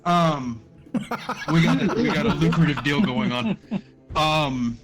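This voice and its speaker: A man's voice: fairly high pitch, expressive, unhurried, loud music behind the voice, low-quality recording. A man playing a tabletop game, talking in a laid-back, slangy way with laughs. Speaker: player.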